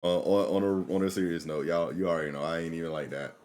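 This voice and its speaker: A man's voice: deep voice, fast, a little mellow. A man streaming a game live, chatting casually with his viewers in laid-back slang and laughing often. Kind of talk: casual live-stream chat while gaming.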